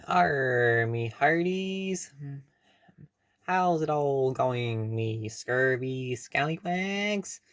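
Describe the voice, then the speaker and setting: A performer voicing a swaggering pirate who talks in drawn-out pirate slang for a comedy sketch. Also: medium pitch, expressive, vocal fry, a bit bright, dry recording, clean studio sound, heavily acted. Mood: jolly.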